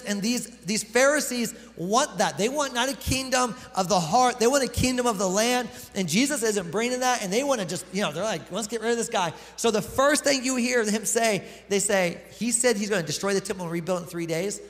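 A man with a high voice preaches a sermon, reading scripture and then talking it through in a relaxed, conversational way. His voice rings out with a long hall reverb, as in a church hall. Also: a little fast, hardly any pauses. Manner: reads scripture aloud, then explains it conversationally. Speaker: pastor.

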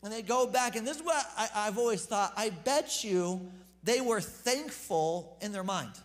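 A man preaching a casual, conversational sermon as pastor, joking with the congregation and repeating words when he gets excited. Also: sits high, a little slow. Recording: long hall reverb.

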